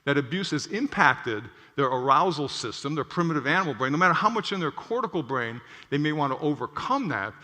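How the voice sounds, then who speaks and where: A man's voice: on the high side, fairly quick, hardly any pauses. A middle-aged male physician giving a stage talk, telling stories animatedly and checking in with the audience with "okay?". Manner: animated storytelling, tags lines with "okay?". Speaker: physician speaker. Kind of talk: conference talk. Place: large auditorium stage. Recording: echoey auditorium.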